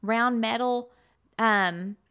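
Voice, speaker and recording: A woman's voice: on the high side, drawn-out words, a bit bright, clear, resonant tone. A middle-aged woman co-hosting a talk show, telling stories animatedly and laughing often. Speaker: podcast co-host. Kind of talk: casual chat.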